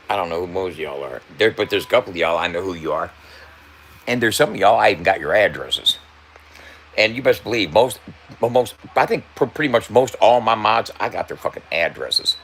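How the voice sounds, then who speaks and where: A man's voice: fairly low pitch, fairly bright tone. A man livestreaming and talking loosely to his chat, swearing freely and laughing often. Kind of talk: casual livestream banter.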